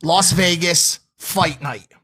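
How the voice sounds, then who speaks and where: A young man co-hosting a casual podcast, spinning a wild story with plenty of swearing. His voice sits a little higher than most men's, and he throws himself into acting out what everyone said. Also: slow, pushed and bright, husky. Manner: profane, vivid, acts out quotes. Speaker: podcast co-host. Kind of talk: animated storytelling.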